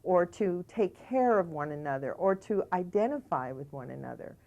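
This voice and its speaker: A woman's voice: on the low side, lively intonation, normal speed, vocal fry, warm tone, dull audio. A middle-aged American woman hosting a community TV talk show, chatting emphatically with her guest. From United States. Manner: conversational, emphatic, many "you know"s. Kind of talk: studio talk show conversation. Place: community TV studio.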